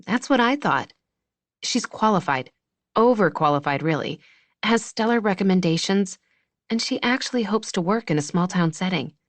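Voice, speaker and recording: A woman voicing a wry young woman doctor with a deadpan sense of humor, in audiobook dialogue. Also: mid-range voice, normal speed, no room sound, lightly acted.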